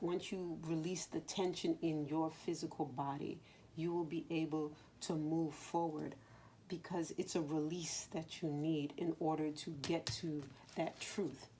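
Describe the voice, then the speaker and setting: A woman giving a spiritual card reading in a slow, soothing voice that sometimes drops to a whisper, choked up with emotion. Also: deep voice, steady tone, warm tone, a little hiss or hum. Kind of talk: soft spoken tarot-style reading.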